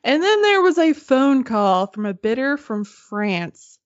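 A higher-voiced woman recounting a story in a loose, animated podcast chat, dropping casual swears along the way. The sound is dry and close with no room around it. The audio is a touch muffled. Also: takes it slowly, no echo. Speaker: podcast co-host telling a story.

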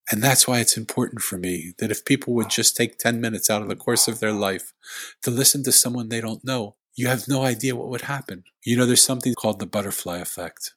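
Earnest husky-voiced man telling a story. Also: lowish voice, fairly bright tone, no echo. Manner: earnest, heartfelt retelling with quoted dialogue. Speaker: podcast guest, author. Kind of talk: storytelling in conversation.

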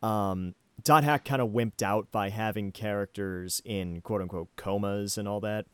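A man's voice: lowish voice, steady tone, a little slow, a bit bright, clear, resonant tone, dry recording. Rambling man on a podcast. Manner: rambling, many ums and restarts. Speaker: podcast host. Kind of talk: casual anime discussion.

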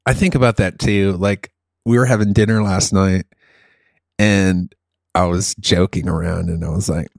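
A man with a lively voice that swings up and down chats and jokes on a podcast. His voice sits in a middle register and sounds close and dry. He sounds like he is in his thirties. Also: deep voice, unhurried, vocal fry, no room sound. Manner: animated, joking. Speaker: podcast co-host. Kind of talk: casual chat.

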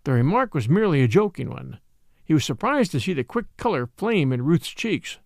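A man giving scripted, expressive narration of a mystery novel as an audiobook reader. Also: fairly high pitch, vocal fry, dry recording, studio quality. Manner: expressive, measured storytelling.

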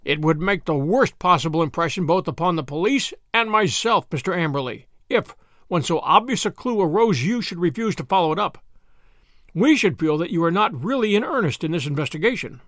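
Male reader doing a stern detective, crisp and decisive, lively pitch, dry close sound. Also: fairly quick, no echo. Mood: commanding.

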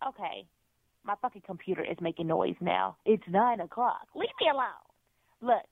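A woman comedian plugging her tour in a loud, hyped, rambling promo. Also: mid-range voice, lively intonation, moderate pace, creaky, dry recording. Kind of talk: promo read. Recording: tinny phone-like line.

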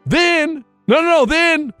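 A man's voice: very high-pitched, animated, takes it slowly, pushed and bright, no echo, soft background music. A man, podcast co-host, telling a story in a worked-up, ranting, profane way. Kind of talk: casual chat, storytelling.

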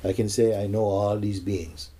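A man acting as a spiritual teacher, speaking slowly and reflectively, with many pauses, in a spiritual dialogue. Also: fairly low pitch, flat delivery, dark tone, breathy edge.

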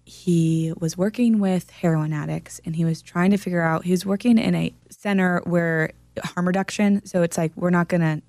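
A woman's voice: on the low side, steady tone, moderate pace, a little mellow, no echo. A woman in a casual talk-show chat, telling a story in an earnest, encouraging way.

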